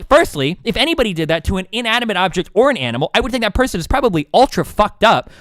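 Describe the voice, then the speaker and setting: Fast, combative, cursing male streamer. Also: high voice, big pitch swings, a bit bright, dry recording. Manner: profane, combative and exasperated. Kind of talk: heated casual stream commentary, reading chat aloud.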